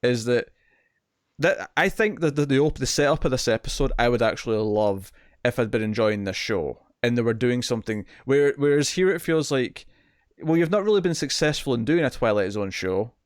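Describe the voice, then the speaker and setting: A British man talks through a television episode on a review podcast in a loose, rambling way, often doubling his words as he recaps. His voice sits at an ordinary pitch, and the room around him is dry and close. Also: lively intonation, moderate pace, clean tone, dry recording. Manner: rambling, repeats words, acts out scenes in quotes. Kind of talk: casual review chat.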